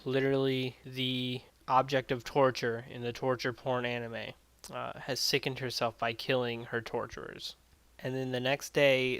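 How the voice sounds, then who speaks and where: A man's voice: medium pitch, fairly bright tone, clean tone, no room sound. A man giving a blunt, exasperated casual spoken review of an anime. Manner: blunt and exasperated, retells plot with quoted voices.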